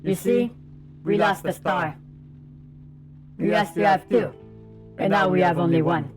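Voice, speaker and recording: A man's voice: sits high, a little slow, faint music behind. Man reading as a weary proud woman chef.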